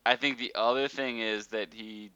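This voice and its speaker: Bright, crisp-voiced man chatting casually. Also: mid-range voice, moderate pace, no room sound, muffled recording. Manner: animated, rambling with many fillers. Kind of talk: casual chat about a TV show.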